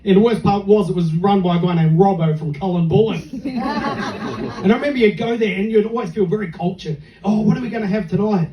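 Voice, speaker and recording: A man's voice: high-pitched, a little fast, lo-fi sound, noisy background. A middle-aged Australian man doing a stand-up comedy set on a club stage, telling self-mocking stories in a dry way. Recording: echoey club from far off.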